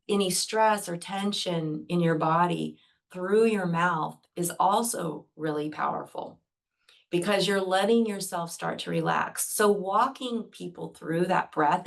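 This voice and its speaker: A woman teaching Reiki on a group video call, speaking earnestly and gently as she guides breathing step by step. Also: fairly low pitch, measured pace, creaky. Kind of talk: gentle talk to an online group.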